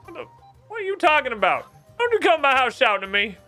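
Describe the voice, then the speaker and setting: A man voicing an irate middle-aged male sheep farmer who shouts in a high, indignant voice. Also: big pitch swings, fast, soft background music, exaggerated voice. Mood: exasperated shouting.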